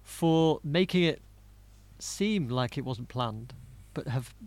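A man's voice: medium pitch, animated, slow, darkish tone, dry recording. A British man on a podcast panel, chatting casually and handing out playful mock-grand verdicts. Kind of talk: casual chat.

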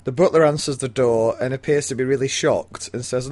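A man's voice: mid-range voice, fairly even intonation, brisk, a little mellow. A man co-hosting a casual book podcast, summarizing the plot with dry understatement. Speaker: podcast co-host.

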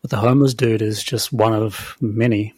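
A man's voice: lowish voice, steady tone, moderate pace, a little mellow, slightly rough, no echo. A man hosting a podcast, reviewing a TV series in casual, chatty talk full of fillers and hedges. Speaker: podcast host.

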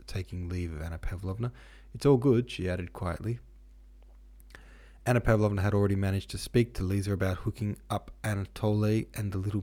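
A man with a low voice retells a classic novel in loose, profane slang. His narration is irreverent and casual throughout. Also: dark tone.

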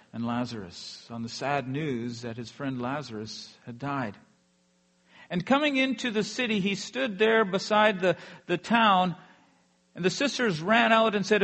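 A man preaching a sermon earnestly, letting his voice fall softly at the ends of phrases. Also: a little high, moderate pace. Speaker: pastor.

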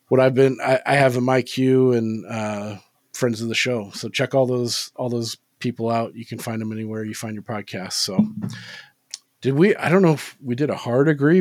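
A man's voice: mid-range voice, no room sound. A man co-hosting a movie podcast in loose, casual chat, peppering his talk with "like" and cheerful swearing. His voice sits mid-range and sounds dry and close, with no room around it. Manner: laid-back, swears freely, lots of "like" fillers. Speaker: podcast co-host.

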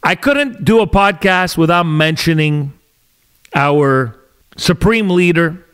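A man's voice: mid-range voice, a bit bright, clear, resonant tone. A middle-aged Canadian man hosting a solo podcast, rambling and sarcastic, often restarting his sentences. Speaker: podcast host.

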